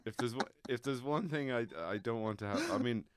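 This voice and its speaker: A man's voice: medium pitch, fairly quick, no room sound. Guy rambling thru a party story, laughing a lot, dry close mic. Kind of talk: casual podcast chat.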